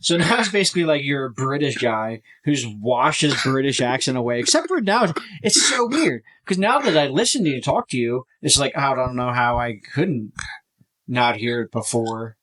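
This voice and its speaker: Young American co-host, teasing and animated, laughs often, mid pitch. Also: male voice, moderate pace, rough recording. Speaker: podcast co-host. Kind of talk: casual comedic chat.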